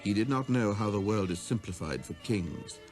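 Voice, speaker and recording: Expressive male storybook narrator. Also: on the low side. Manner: expressive, unhurried reading. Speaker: audiobook narrator. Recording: violin music under the reading.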